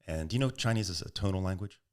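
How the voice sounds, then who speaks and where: This middle-aged man, a guest on a podcast, answers interview questions through lengthy, animated anecdotes, voicing the characters and laughing. His voice sits low with a clear, resonant tone, and he speaks quickly.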